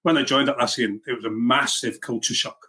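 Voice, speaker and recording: A man's voice: medium pitch, fairly even intonation, a little fast, bright, forceful tone, breathy edge. A middle-aged man from Liverpool with a mixed Liverpool and Welsh accent, chatting as an interview guest, self-deprecating and full of fillers and restarts. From Liverpool, England. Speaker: guest, software engineering leader. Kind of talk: casual interview chat.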